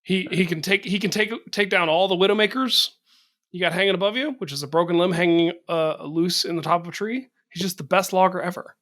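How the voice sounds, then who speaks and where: A man's voice: high voice, a little fast, fairly bright tone. A man co-hosting a podcast, telling a playful, rambling bit in casual chat. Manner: rambling, playful storytelling with laughs. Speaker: podcast co-host.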